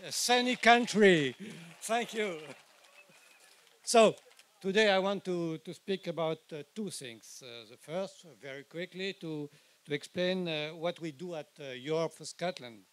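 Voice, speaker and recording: An older man with a French accent, giving a halting rally speech full of hesitations. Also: a little high, a bit bright, slight background noise. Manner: hesitant, halting with many fillers. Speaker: rally speaker.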